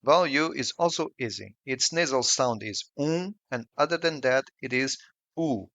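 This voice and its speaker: A man narrating a scripted language lesson in a slow, careful, explanatory way. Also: medium pitch, animated, fairly bright tone, dry recording. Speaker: language teacher.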